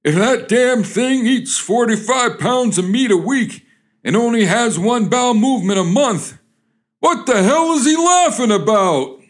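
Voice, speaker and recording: A man putting on the voice of a grumpy, snorting old grandfather who curses gruffly. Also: very high voice, animated, a little slow, pitched above the performer's own voice. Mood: indignant. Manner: gruff, cursing.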